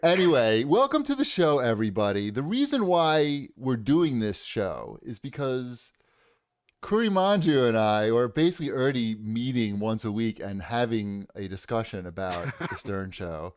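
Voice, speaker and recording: A man co-hosting a casual podcast chat, joking around and often trailing off quietly. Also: medium pitch, sing-song, a little slow, no echo, clean studio sound. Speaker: podcast co-host.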